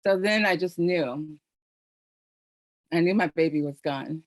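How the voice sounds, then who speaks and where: A woman's voice: sits low, measured pace, no room sound. A middle-aged woman hosting a virtual panel, telling her own story in an earnest, heartfelt way full of "you know" fillers, over a video call microphone. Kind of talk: personal testimony on a virtual panel.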